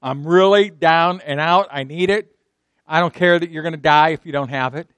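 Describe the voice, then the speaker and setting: A man's voice: fairly high pitch, normal speed, fairly bright tone, clean tone, no room sound, pitched below the performer's own voice, natural voice. A man playing a blunt, hungry prophet. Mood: demanding. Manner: blunt, demanding.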